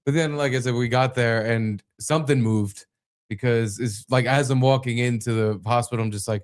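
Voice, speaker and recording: A young man co-hosting a podcast, telling a story in an animated way and swearing freely. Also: mid-range voice, normal speed, clear, resonant tone. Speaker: podcast co-host. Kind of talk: casual chat.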